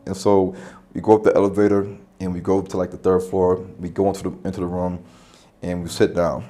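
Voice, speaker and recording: A man's voice: sits low, flat delivery, a little fast, warm tone. A man telling a long personal story in casual podcast talk, with repeated words and restarts. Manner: retells events with repetitions and restarts. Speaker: podcast guest. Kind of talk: casual spoken anecdote.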